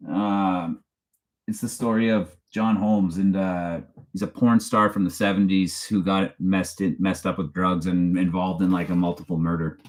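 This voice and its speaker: Chatty man, slightly low voice. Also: level tone, moderate pace, darkish tone. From Canada. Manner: rambling and chatty, laughs often, reads viewer questions aloud. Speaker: true crime channel host. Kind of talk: casual live-stream chat.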